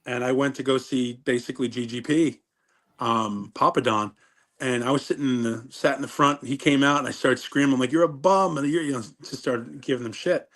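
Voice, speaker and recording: A man's voice: medium pitch, fairly even intonation, fairly quick, a bit bright. A middle-aged man, a former wrestler telling stories in a casual interview, rambling and cutting himself off mid-sentence. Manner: rambling, self-interrupting storyteller.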